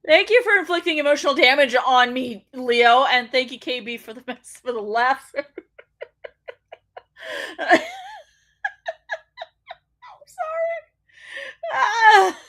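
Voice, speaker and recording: A woman's voice: high voice, fairly quick, hardly any pauses, pushed and bright. A woman hosting a wrestling show, ranting in casual commentary, swearing freely and laughing often.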